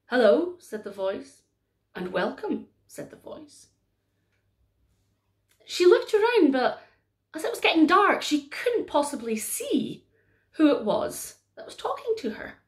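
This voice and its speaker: A woman storyteller with a fairly high voice, telling a folk tale slowly and unhurriedly. She leans into the story with gentle drama.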